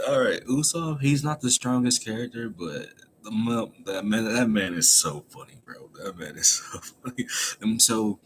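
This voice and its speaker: A man's voice: low voice, slight background noise. Laughing man recapping a comic chapter. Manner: animated, laughs often while retelling. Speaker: manga chapter reviewer. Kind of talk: casual recap.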